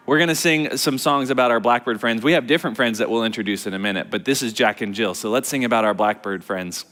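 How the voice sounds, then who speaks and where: A man's voice: medium pitch, quick pace, a bit bright. A man hosting a library storytime for children, encouraging them and introducing songs. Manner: cheerful, encouraging, leading children in song. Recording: reverberant library hall.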